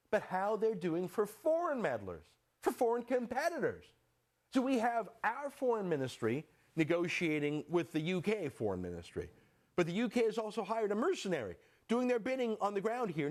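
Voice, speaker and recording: A man's voice: sits high, a little mellow. A man delivering sarcastic political commentary, full of rhetorical questions.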